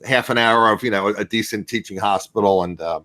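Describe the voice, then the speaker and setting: A man's voice: lowish voice, fairly even intonation, a little fast, pushed and bright. A man with a Philadelphia accent, from Southern New Jersey, chatting on a video call and rambling with lots of fillers and restarts. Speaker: guest reseller. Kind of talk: casual video call chat.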